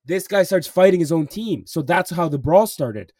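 With an expressive, fairly high and slightly mellow voice, a young co-host tells a story on a podcast at a moderate pace. He swears plenty and can't stop saying "bro" and "like," heard in clean studio sound without echo from a far-off mic.

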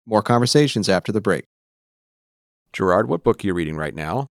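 A man hosting an interview, asking crisp, formal questions. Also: fairly low pitch, expressive, a little fast, no room sound, clean studio sound. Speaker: interview host.

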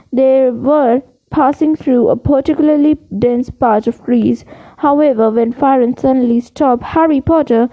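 A woman reading a novel aloud in an unhurried way, with small slips and restarts. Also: high-pitched, lo-fi sound. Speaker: reader.

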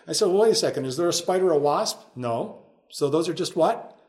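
A man, a guest in the conversation, tells a story and acts out the people in it as he goes. His voice sits a touch above the usual male pitch. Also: expressive, fairly quick, darkish tone. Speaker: podcast guest.

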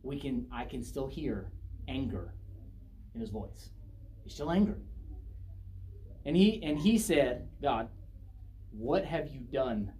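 A man's voice: mid-range voice, expressive, takes it slowly, pauses often, darkish tone, slight background noise. A man preaching a sermon, reading scripture aloud and driving points home by repeating phrases. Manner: emphatic, repeats phrases for stress.

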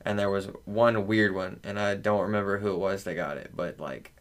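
Very low-voiced, rambling young man. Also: fairly even intonation, normal speed. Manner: rambling, loose, lots of fillers and laughter. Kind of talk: casual chat.

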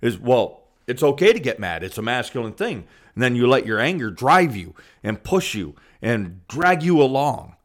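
A male podcast co-host in opinionated casual conversation. He is blunt and emphatic and swears freely. His voice sits at an ordinary mid pitch. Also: big pitch swings, moderate pace, few pauses.

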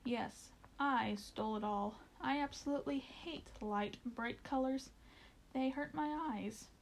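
Lady doing a smug snarly storybook mole baddie, gravelly, kinda high. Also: measured pace, a little hiss or hum, poor audio. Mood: gloating. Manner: talks with mouth full, snarling. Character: smug greedy male mole villain, chuckling. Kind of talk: storybook reading.

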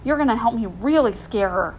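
A woman's voice: a little high, expressive, a little fast, slight background noise, close to an everyday voice. A woman voicing a bossy, scheming older boy who teases the younger ones.

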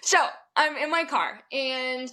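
A woman's voice: high voice, takes it slowly, sharp tone. A young adult woman, a podcast guest, telling her story in a casual, chatty way, full of "like" fillers and small laughs. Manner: chatty, heavy use of "like" fillers, laughs often.

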